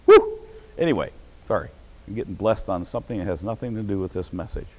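A middle-aged man preaching a sermon as pastor, breaking into sudden shouted bursts of excitement. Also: on the low side, fast, a little hiss or hum, poor audio.

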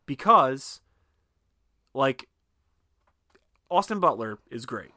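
A man's voice: mid-range voice, sing-song, very slow, sharp tone, dry recording, studio quality. A man co-hosting a podcast, talking casually and animatedly about a movie, swearing often and using lots of fillers. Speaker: podcast co-host. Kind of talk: casual film discussion.

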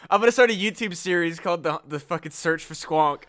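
Bright-voiced joking podcast co-host man. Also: fairly high pitch, moderate pace. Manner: profane, joking, laughs often. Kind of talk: casual comedic chat. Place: Midwest US.

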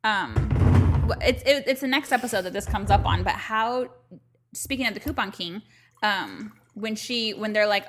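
A woman co-hosting a podcast in casual chat, animated, laughing often and acting out quotes. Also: medium pitch, moderate pace, noisy background. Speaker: podcast co-host.

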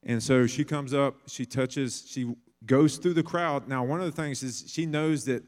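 A pastor delivers a sermon casually, as though telling a story, and now and then acts out the voices of the people he describes. His voice sits at a middle pitch and sounds a little mellow.

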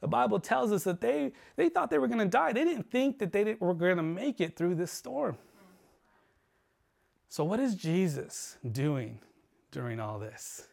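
A pastor delivers an earnest sermon in a notably high voice for a man. He presses his points and then lets his voice fall low and quiet to drive them home. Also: very animated, measured pace, gravelly. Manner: earnest preaching, voice dropping low and soft for emphasis. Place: church livestream.

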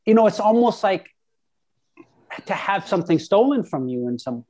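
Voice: mid-range voice, big pitch swings, moderate pace, warm tone. Speaker thinking aloud with many restarts. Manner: reflective, repeats words while thinking. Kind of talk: casual conversation.

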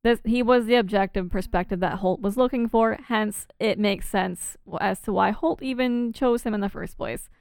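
A woman's voice: mid-range voice, normal speed, vocal fry, few pauses, darkish tone, smooth, dry recording, clean studio sound. A young woman co-hosting a podcast in casual chat, talking freely with lots of fillers and laughter. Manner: chatty, laughs often, many fillers and restarts. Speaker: podcast co-host.

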